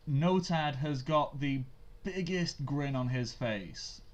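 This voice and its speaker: A man's voice: fairly high pitch, background noise. A man running a tabletop game as game master, hesitant, with many fillers.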